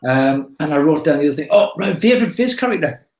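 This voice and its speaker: A man's voice: on the high side, lively intonation, quick pace, darkish tone, roomy sound, low-quality recording. A man, rambling and hesitant in casual chat as a podcast co-host. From England.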